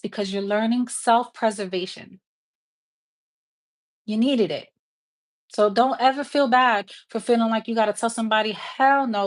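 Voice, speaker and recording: A woman giving a live tarot reading, talking to viewers in a casual, frank and encouraging way and swearing freely. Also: fairly high pitch. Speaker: tarot reader.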